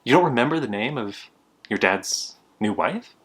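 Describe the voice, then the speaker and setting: A man's voice: medium pitch, lively intonation, normal speed, a bit bright, slightly rough. A man acting out an oblivious male customer who keeps pressing with prying questions. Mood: nosy, insistent.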